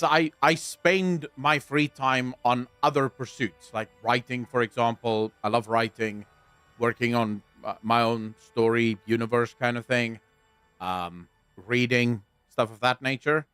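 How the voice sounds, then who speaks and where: A man's voice: mid-range voice, fairly bright tone, clear, resonant tone, dry recording, clean studio sound. A young man streaming casually, swearing often and arguing back at his chat with exasperation.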